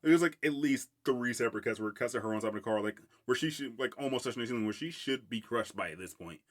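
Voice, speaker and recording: A man's voice: medium pitch, lively intonation, fast. A man talking through a film in a loose, rambling solo podcast, breaking into laughter again and again. He swears freely and keeps circling back on his own points. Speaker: podcast host. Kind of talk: casual solo film review.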